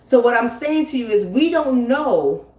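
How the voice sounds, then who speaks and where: Here a commentary host in her forties talks casually on a live stream from her home, her fairly high voice sing-song and a little mellow at a moderate pace. Emphatic and preachy, she keeps repeating phrases, and the sound is roomy and distant.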